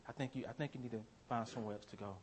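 A man's voice: medium pitch, steady tone, racing, breathy edge, pitched below the performer's own voice, close to an everyday voice. A man whispering as a sly tempter spirit, whispered role-play. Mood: undermining. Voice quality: hushed, half-whispered. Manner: coaxing, insinuating.

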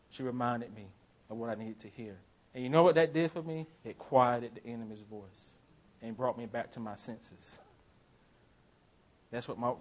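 A male pastor preaching a sermon emphatically, swinging from loud to hushed. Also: mid-range voice.

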